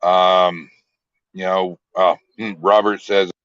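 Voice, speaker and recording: Brief: low-pitched man, podcast guest, easygoing and joking; dull lo-fi call audio. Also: slow, dry recording. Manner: joking, relaxed banter. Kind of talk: casual chat over a call.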